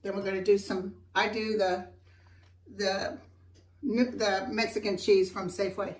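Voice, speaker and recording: A woman's voice: medium pitch, level tone, a little slow. A woman hosting a casual home cooking demo, chatting straight to her viewers and eating as she talks. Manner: eats and talks with mouth full. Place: home kitchen. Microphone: camera mic set far off. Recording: echoey kitchen, distant camera mic. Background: faint clatter of dishes and pans.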